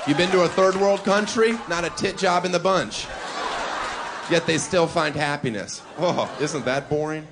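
A man's voice: on the high side, normal speed. A man performing provocative live stand-up comedy on a club stage, with mock-defensive asides. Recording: live club with loud crowd noise.

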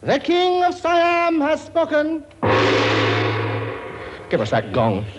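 A man's voice: very high-pitched, wildly swooping pitch, slow pace, over loud music, exaggerated voice. A man playing a blustering king who bosses his many children, talking brashly and cracking jokes in a studio comedy sketch. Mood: bossy. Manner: brash, bossy, wisecracking. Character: blustering cockney-style king, bossy father of many. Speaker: comic actor playing a king.

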